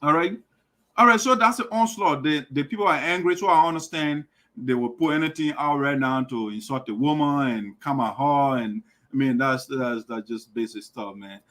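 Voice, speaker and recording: A man with a Liberian accent hosting an online show, delivering a forceful political monologue that repeats its points and rises to shouts. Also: mid-range voice, moderate pace. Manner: forceful, repetitive, rising to shouts.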